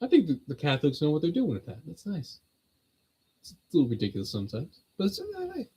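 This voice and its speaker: A man's voice: a little high, wildly swooping pitch, quick pace, warm tone, slightly rough, low-quality recording. A man at home hosting a casual on-camera religious teaching, full of joking, sardonic asides. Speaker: host of a Bible teaching channel.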